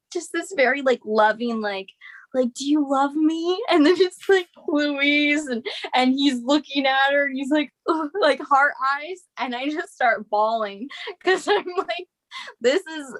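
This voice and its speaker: A woman co-director hosting a casual group video chat, telling a lively story with lots of "like" and acted-out reactions. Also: medium pitch. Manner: chatty storyteller, many "like"s, acts out her reactions. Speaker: co-director and host.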